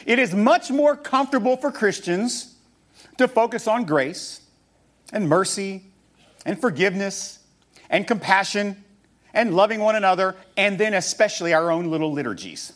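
A man with a fairly high voice delivers a sermon. He teaches in a steady preaching style, posing rhetorical questions and reading passages aloud. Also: moderate pace. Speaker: pastor.

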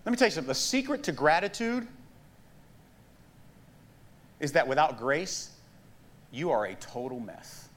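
A middle-aged man pastor preaching a sermon, telling stories with animated asides and laughs. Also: fairly high pitch, fairly quick.

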